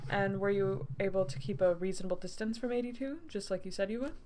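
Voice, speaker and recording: A woman's voice: medium pitch, fast talker, dark tone, faint music behind, close to an everyday voice. A woman voicing a stern male military captain who scolds coldly in clipped, commanding lines.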